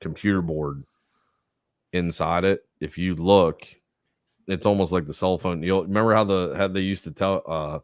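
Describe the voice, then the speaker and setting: A man's voice: low voice, fairly even intonation, normal speed, no room sound, clean studio sound. A man chatting casually on a podcast, telling rambling stories full of swearing. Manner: profanity-heavy rambling storytelling. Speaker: podcast co-host. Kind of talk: casual chat.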